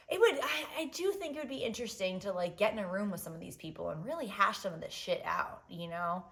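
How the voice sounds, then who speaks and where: A woman in her thirties hosting a solo podcast in casual chat, animated and blunt, swinging between loud outbursts and quiet asides, with lots of "like" and "um". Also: medium pitch, fast talker, vocal fry, hardly any pauses. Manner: swears freely, fillers like "like" and "um". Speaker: podcast host.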